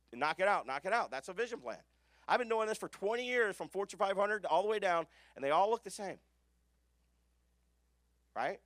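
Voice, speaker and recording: Male business coach, high-pitched, emphatic seminar delivery, dry close sound. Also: no room sound. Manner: emphatic, asks the room questions. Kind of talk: live seminar talk. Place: conference room with an audience.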